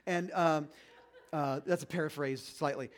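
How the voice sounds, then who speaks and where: A man's voice: on the high side, steady tone, unhurried. A man retelling a Bible story in a casual, conversational way, with many fillers and playful asides. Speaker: Bible teacher.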